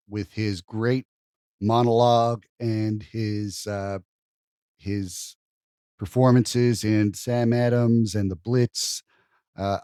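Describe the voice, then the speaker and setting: A man on a podcast panel, speaking hesitantly with long pauses and fillers while reviewing a comedy show. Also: medium pitch, dark tone, clear, resonant tone, no room sound, clean studio sound.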